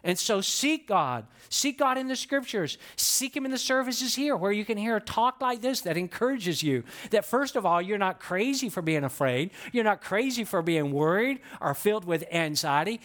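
A man's voice: expressive, normal speed, few pauses, a bit bright. A middle-aged man preaching a sermon in church as pastor, emphatic and building in intensity, asking the congregation questions and calling for their responses. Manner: emphatic, rising in pitch and volume as he preaches. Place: church sanctuary.

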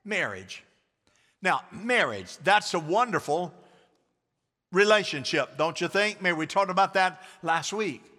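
A pastor preaching to his congregation in a church, his voice bright and forceful and set a little high for a man. He calls out to the people and has them repeat lines back to him. A long reverb hangs on every phrase. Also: very animated, a little slow. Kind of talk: sermon.

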